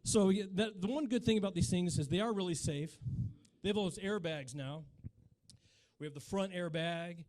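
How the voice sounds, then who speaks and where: A man's voice: sits high, normal speed, a little mellow. A man in his forties from Utah doing live stand-up comedy on a small cafe stage, chatting with the crowd and riffing in a mock-incredulous way. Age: 40s.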